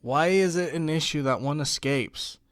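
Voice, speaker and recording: A young man talks through a movie he dislikes, sarcastic and exasperated, shifting from shouted disbelief to muttered confusion. His voice sits a bit high for a man. The recording is close and dry, with no room sound at all. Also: normal speed, no room sound. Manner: exasperated, sarcastic, swings between loud outbursts and mumbled confusion. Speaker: movie reviewer. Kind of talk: comedic movie review narration.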